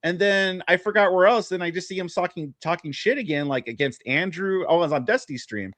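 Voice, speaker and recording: A man talking fast in casual stream chat. His voice sits fairly high. The sound is dry and close. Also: fairly bright tone, dry recording. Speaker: guest.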